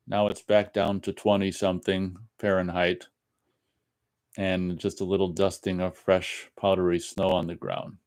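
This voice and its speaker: Chatty Minnesota host reading chat. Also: male voice, low-pitched, a little mellow, clear, resonant tone. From Minnesota, USA. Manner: chatty, reads viewer comments aloud and reacts. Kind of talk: casual live-stream chat.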